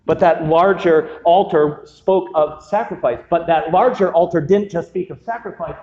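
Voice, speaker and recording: Humorous pastor in an echoey hall. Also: male voice, a little high, normal speed, mellow, slight background noise. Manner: humorous, conversational preaching with asides. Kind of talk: sermon. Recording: dull, echoey hall sound.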